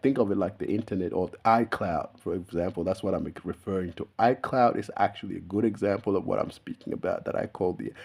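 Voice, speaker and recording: Young male YouTuber, lower voice, unscripted rambling, casual swearing, frequent chuckles. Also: vocal fry, a little mellow, husky. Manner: loose, meandering, laughs often, swears casually.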